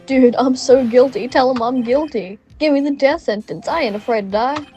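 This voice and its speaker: Melodramatic despairing young guy, read by an English woman, high-ish. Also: normal speed, mellow, lo-fi sound, soft background music, close to an everyday voice. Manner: overwrought wailing lines read aloud. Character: despairing young man, dramatic, melodramatic friend.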